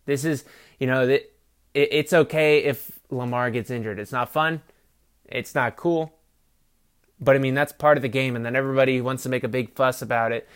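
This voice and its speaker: A man's voice: medium pitch, fairly even intonation, normal speed, clear, resonant tone. A man hosting a sports podcast, rambling casually and swearing freely while he gives his opinions, recorded on a phone. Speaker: podcast host.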